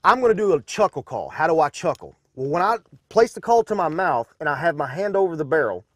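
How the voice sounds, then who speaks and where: A man's voice: a little high, expressive, fairly quick, no room sound, studio quality. A man from Arkansas, demonstrating duck calls in a folksy, instructional way from a duck blind.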